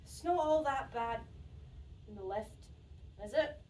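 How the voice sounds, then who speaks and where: A woman playing a stubborn, sharp-tongued Scottish patient in a hospital, speaking with a Scottish accent and quick, blunt retorts. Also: fairly high pitch, lively intonation, a little hiss or hum. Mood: brisk, teasing. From Scotland. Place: theatre stage. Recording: echoey stage audio from far off.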